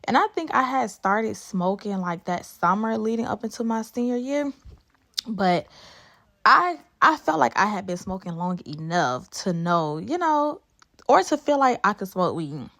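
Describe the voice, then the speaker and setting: A young woman in her twenties talks straight to her viewers in a chatty, emphatic storytime. Her voice sits at an ordinary middle pitch for a woman. She keeps calling out to her audience as she goes. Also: a bit bright. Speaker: beauty vlogger. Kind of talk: casual storytime to camera.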